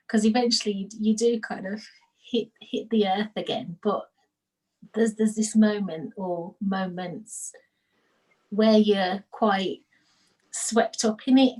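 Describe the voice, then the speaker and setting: A reflective woman talks in a relaxed group chat, pausing and restarting as she gathers her thoughts. Her voice sits at a middle pitch and sounds a little distant from the microphone. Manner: thoughtful, searching for words with restarts. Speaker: panel guest. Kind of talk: casual group discussion.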